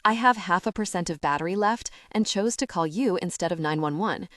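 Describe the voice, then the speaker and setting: A woman's voice: lowish voice, fairly quick, fairly bright tone, no echo, studio quality, natural voice. A woman voicing a cocky young hockey player. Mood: teasing. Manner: teasing, playful. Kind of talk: audiobook dialogue.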